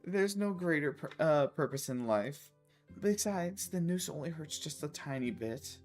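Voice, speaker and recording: A man's voice: on the high side, expressive, unhurried, faint music behind, voice pushed up. A man voicing a female cultist who soothes a captive sweetly while serenely cruel. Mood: sweetly soothing. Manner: cooing, soothing, sing-song.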